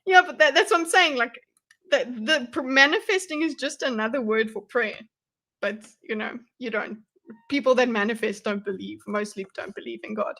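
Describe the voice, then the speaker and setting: A woman with a high, bright voice reacts on a livestream. She is chatty and wry and laughs often between remarks. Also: moderate pace. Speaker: livestream commentary host. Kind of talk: casual reaction commentary.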